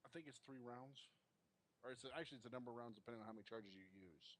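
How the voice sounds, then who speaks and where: A man's voice: mid-range voice, very fast. A man running a tabletop game as dungeon master over online voice chat, giving laid-back rulings with light teasing.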